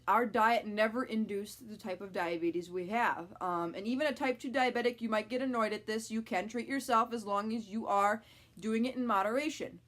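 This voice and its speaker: A woman's voice: a little high, a bit bright. Chatty young woman vlogger. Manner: frank, chatty, many fillers. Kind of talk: casual talk to camera.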